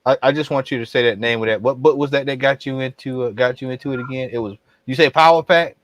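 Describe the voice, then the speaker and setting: A man hosting a livestream comics panel, quick and repeating words as he jumps in. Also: mid-range voice, a bit bright, no room sound, highs cut off. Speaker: livestream host. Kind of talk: casual panel chat over a livestream. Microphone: video call.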